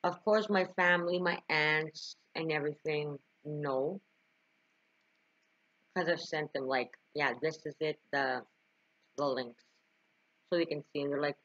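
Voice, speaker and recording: Speaking a little slowly in a low, slightly bright voice, this young woman tells a personal story straight to camera in a vlog. The sound is lo-fi, and her emotional telling is marked by frequent laughs, sighs, and moments of tears.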